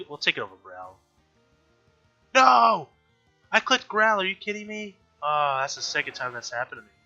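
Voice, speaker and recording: Nasal man, sharp bright tone, casual let's-play chatter over faint game music, lo-fi sound. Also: mid-range voice. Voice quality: nasal from allergies. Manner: chatty, thinking aloud, frustrated outbursts. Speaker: gaming YouTuber.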